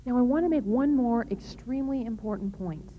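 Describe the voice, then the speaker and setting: A woman's voice: a little high, a little fast, a little hiss or hum. A woman giving an earnest, emphatic religious talk to young people in a large hall. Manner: earnest, emphatic, plain-spoken. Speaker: speaker on chastity. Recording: dull lo-fi recording in a reverberant hall.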